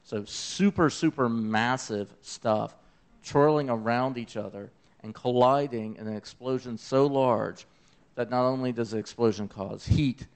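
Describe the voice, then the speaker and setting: Speaking a little slowly in a clean, medium-pitched voice, a Southern-accented Memphis, Tennessee man gives a conference talk on his eclipse accessibility project. He comes across as enthusiastic and conversational, using fillers and asides.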